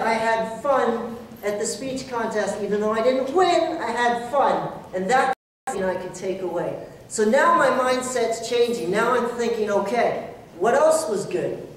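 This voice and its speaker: A man's voice: very high voice, measured pace, slight background noise. A man giving an earnest, self-deprecating motivational speech to a club audience, acting out his own inner voice. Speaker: motivational speaker. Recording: echoey room, voice from far off.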